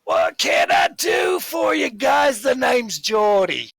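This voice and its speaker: Guy doing a big loud jolly barkeep in a tabletop game, yelling across the bar, gravelly. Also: very high-pitched, huge pitch swings, takes it slowly, no echo, pitched above the performer's own voice, exaggerated voice. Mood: hearty. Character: jovial bearded male tavern keeper.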